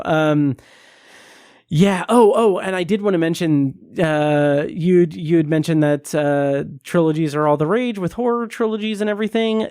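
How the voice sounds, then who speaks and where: A man's voice: on the high side, darkish tone, no echo, clean studio sound. A man hosting a film podcast in casual chat, rambling with many fillers and frequent laughs. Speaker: podcast host.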